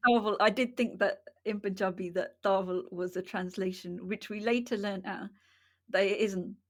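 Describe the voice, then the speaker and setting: A woman's voice: medium pitch, steady tone, normal speed. A middle-aged woman from England co-hosting a casual podcast chat, telling family stories with frequent laughs. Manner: storytelling, laughs often. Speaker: podcast co-host.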